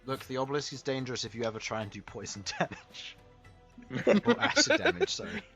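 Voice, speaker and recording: A man's voice: mid-range voice, wildly swooping pitch, brisk, over loud music. A man narrating a tabletop game as dungeon master, laughing often as he goes.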